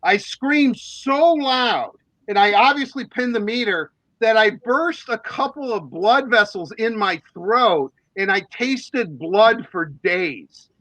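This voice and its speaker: A man's voice: sits high, takes it slowly, hardly any pauses, no echo, rough recording. A man, hosting a sports talk show, telling rambling stories in casual chat full of fillers. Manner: animated, rambling storyteller with many fillers. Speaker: sports radio host.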